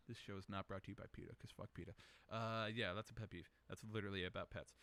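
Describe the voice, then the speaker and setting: A man's voice: medium pitch, lively intonation, fast talker, pushed and bright, dry recording. A young man hosting a casual solo show, rambling through questions in a profane, self-mocking way. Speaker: podcast host answering questions.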